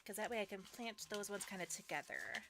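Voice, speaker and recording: A woman's voice: mid-range voice, animated, fairly quick, vocal fry. Giggly chatty woman streamer, noisy room. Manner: chatty and giggly, baby-talks her dog. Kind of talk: casual live-stream chat.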